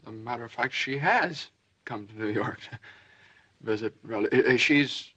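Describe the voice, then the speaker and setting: An actor playing a flustered young newlywed son in a 1930s film, hesitant and stammering. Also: male voice, medium pitch, measured pace, sharp tone, slightly rough. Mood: sheepish. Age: young adult. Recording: dull old film soundtrack.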